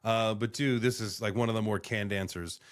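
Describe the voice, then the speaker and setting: A man's voice: fairly low pitch, normal speed. A man hosting a casual live crypto reaction stream, rambling and swearing as he reacts to clips. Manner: rambling, profane, animated.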